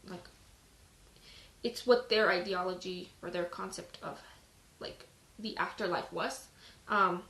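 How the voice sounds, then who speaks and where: Bright-voiced woman reading scripture live. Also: medium pitch, reverberant, poor audio. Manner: chatty, lots of "like" fillers. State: out of breath. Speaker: Bible reading host. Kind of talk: casual live-stream Bible reading with commentary. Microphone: phone on a live stream.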